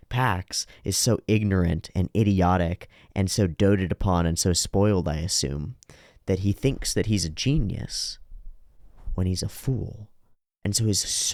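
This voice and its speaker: A man's voice: sits low, a little mellow, no room sound, studio quality. A man hosting an anime reaction video, speaking bluntly and emphatically, with some swearing. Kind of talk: reaction commentary.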